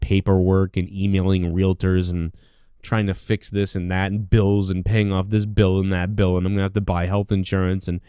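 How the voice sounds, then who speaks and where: A man's voice: low voice, monotone, moderate pace, mellow, clear, resonant tone, no room sound, studio quality. A man hosting his own podcast, ranting alone in a rambling, indignant way, with constant fillers and swearing. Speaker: podcast host. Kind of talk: solo rant.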